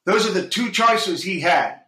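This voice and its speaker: A man speaks with intense earnestness, fumbling and restarting as he reflects on his craft. His voice is bright and forceful and sits a little high. The room around him is noticeably echoey. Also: expressive, unhurried. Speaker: actor and audiobook narrator, guest. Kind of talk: reflective interview talk.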